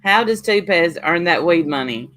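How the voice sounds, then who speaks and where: A woman's voice: fairly low pitch, animated, normal speed, fairly bright tone. A woman hosting a casual live stream chat. She talks in a blunt, gossipy way and swears freely.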